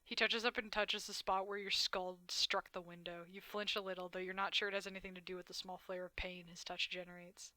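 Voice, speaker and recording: A woman's voice: lowish voice, level tone, fairly quick, few pauses, bright, forceful tone, dry recording. A woman streamer reading a dating game aloud, dramatic narration broken by blunt, swearing asides.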